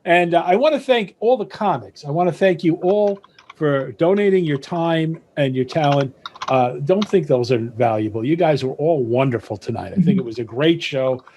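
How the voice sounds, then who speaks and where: An upbeat man closes out an online comedy show as its host, speaking over a video call. His voice sits a bit high and swings widely in pitch. Faint noise hums under him. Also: animated, normal speed, darkish tone. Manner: upbeat, thankful emcee. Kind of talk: closing remarks on a live online comedy show.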